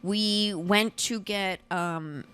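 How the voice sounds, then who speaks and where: A woman's voice: mid-range voice, steady tone, extremely slow, fairly bright tone, clear, resonant tone. A woman in her twenties hosting a casual comedy podcast, brash and teasing with crude jokes. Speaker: podcast host.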